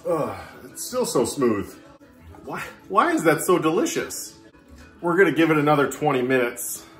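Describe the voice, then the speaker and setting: A man talking casually to camera in a vlog, self-mocking and chatty as he mutters along. His voice swings lively up and down. The room is echoey, with music playing faintly behind. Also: a little high, normal speed. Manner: chatty, self-mocking, talks to himself while pouring. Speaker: vlogger. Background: Irish music playing.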